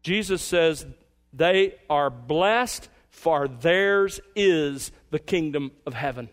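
A man with a somewhat higher voice preaching a verse-by-verse sermon from the pulpit. He speaks in an emphatic, measured way and slows down to lean on the words that matter. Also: animated. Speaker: pastor. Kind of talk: expository sermon.

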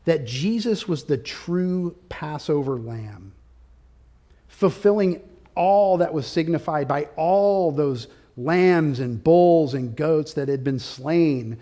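A man preaching an expository sermon with a slightly higher voice than most men. He moves through his outline point by point. His delivery swells into forceful, emphatic peaks. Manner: emphatic, builds to loud peaks; outlined teaching with subpoints. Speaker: pastor.

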